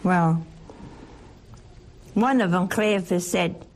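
A woman leading a Catholic Bible study, teaching in an animated, playful way and asking her listeners questions. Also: lowish voice, very slow, a little hiss or hum. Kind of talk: lively scripture teaching to a group.

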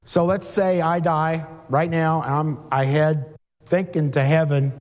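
A man's voice: on the high side, fairly even intonation, a little slow, darkish tone, faint music behind. A man preaching a sermon in a conversational way, reading scripture aloud and breaking in with asides. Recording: long hall reverb.

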